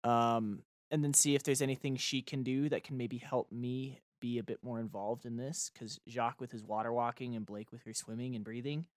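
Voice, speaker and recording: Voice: medium pitch, steady tone, moderate pace, few pauses, dry recording. A tabletop game player and podcast co-host, chatty and laughing often. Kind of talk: casual chat.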